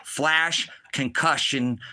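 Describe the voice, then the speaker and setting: A middle-aged man preaching on a livestream, ranting in anger with constant swearing, swinging between shouting and low muttering. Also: extremely slow. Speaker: ministry preacher. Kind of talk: angry livestream rant.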